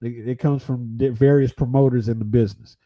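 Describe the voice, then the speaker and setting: A man giving his views as a boxing pundit in a casual livestream debate, halting and often restarting. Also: mid-range voice, fairly even intonation, dark tone.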